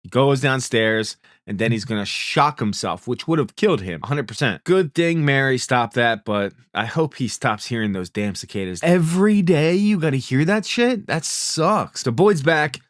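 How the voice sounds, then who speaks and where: A man breezes through a TV recap in an easygoing, swearing style. His voice sits at an ordinary middle pitch. The recording is close and completely dry, with no room sound. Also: animated, moderate pace, a bit bright, no echo. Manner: laid-back, profane, paraphrases characters' lines in plain retelling. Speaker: TV recap host. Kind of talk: casual spoken recap.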